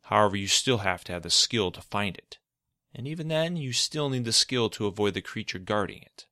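A man's voice: on the low side, animated, fairly quick, bright, forceful tone, no echo, clean studio sound. A man voicing a scheming, commanding adult male figure in a storybook reading, speaking in a cool, demanding way with a faint edge of menace. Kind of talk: storybook narration.

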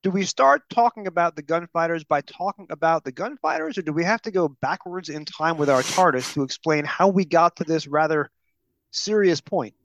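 A man's voice: fairly high pitch, dry recording. A man with a New York accent hosting a podcast in casual, jokey chat. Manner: animated, quick, jokey. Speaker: podcast host. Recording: dull, lo-fi podcast audio.

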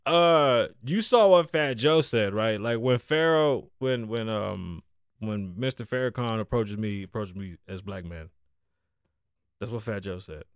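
A man's voice: fairly low pitch, lively intonation, a little slow, clear, resonant tone, no echo. A man from the Bronx, hosting a podcast in loose, profane, riffing chat and teasing his co-host. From the Bronx, New York. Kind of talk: casual freestyle podcast talk.

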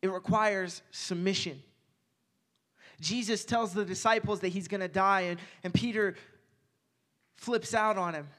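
A young man giving a casual, energetic sermon as a youth pastor, joking aside and repeating phrases. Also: high voice, a little slow, long pauses.

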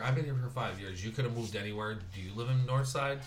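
A man from Southern California talking casually in his dining room, telling stories with lively impressions of other people. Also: lowish voice, very fast, hardly any pauses, slight background noise. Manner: animated storytelling, mimics other people. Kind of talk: casual conversation. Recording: roomy home dining room.

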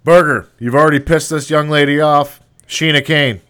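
A man's voice: fairly high pitch, fairly even intonation, moderate pace, fairly bright tone, smooth. Man calling out brief topic prompts. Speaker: podcast co-host.

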